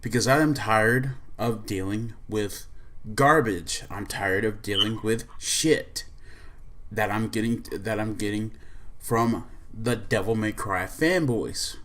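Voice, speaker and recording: A man's voice: on the low side, takes it slowly, a bit bright. A male podcast host in an angry, profane rant, repeating himself and restarting sentences as he vents. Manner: repetitive and profane, heated venting with restarts.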